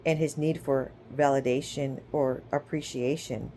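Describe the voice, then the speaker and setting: A woman's voice: very deep voice, steady tone, a little slow, dark tone, slight background noise. Chatty woman teaching scripture, casual. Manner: chatty, checks in with "okay?" and "right?"; retells scripture stories with acted-out quotes. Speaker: online spiritual teacher.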